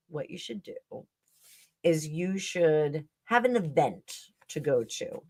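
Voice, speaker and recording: A woman's voice: medium pitch, fairly bright tone, no echo. A middle-aged woman hosting a live tarot stream, chatting casually and rambling with fillers and self-corrections.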